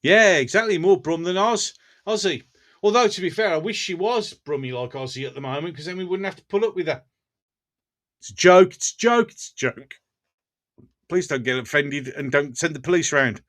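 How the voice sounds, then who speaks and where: A man's voice: on the high side, fairly quick, a bit bright. A man with a Birmingham accent hosting a casual live stream, chatting bluntly with viewers, often laughing between remarks and going off on rants. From England.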